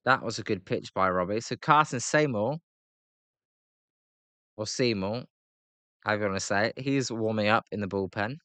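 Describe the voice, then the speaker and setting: A British man commentating live on a baseball game, with a bright, forward tone. He chats between pitches with plenty of fillers and lifts his voice for the big plays. The sound is dry and close to the mic. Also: fast talker, few pauses, dry recording. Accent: British English. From Britain. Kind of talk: live play-by-play reaction.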